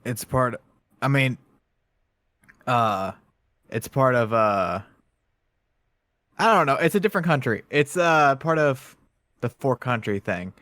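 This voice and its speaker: A man co-hosting a podcast in casual chat, often halting and hesitating with fillers. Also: mid-range voice, animated, fairly bright tone, no room sound, studio quality. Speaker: podcast co-host.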